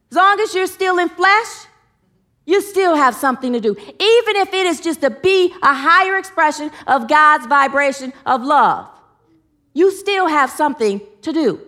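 A woman's voice: high voice, bright, forceful tone. A woman giving a spiritual teaching talk, repeating phrases for emphasis and leading her listeners in affirmations.

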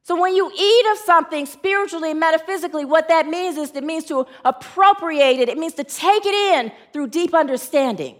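A woman minister rushes slightly through an earnest sermon, barely pausing, as she prompts call and response from the congregation. She grows low and hushed during the sorrowful passages.

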